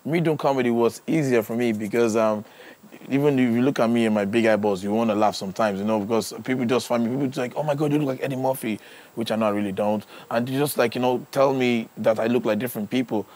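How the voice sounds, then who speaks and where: Man, stand-up comic, loose chatty talk, middle pitch. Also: fairly even intonation, fast talker, darkish tone. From Africa. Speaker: stand-up comedian. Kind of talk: casual interview talk.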